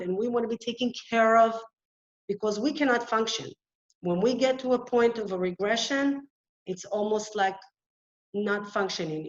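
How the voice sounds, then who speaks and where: A woman giving an online webinar talk, explaining in an earnest way with halting restarts over a video call microphone. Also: mid-range voice, lo-fi sound. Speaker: webinar presenter. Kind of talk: lecture-style webinar talk.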